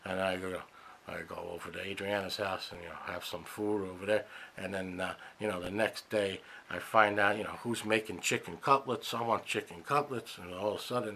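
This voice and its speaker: A man's voice: low voice, steady tone, normal speed, creaky, pushed and bright, slight background noise. A middle-aged man, rambling through a casual podcast monologue full of fillers and asides. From New York area. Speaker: podcast host.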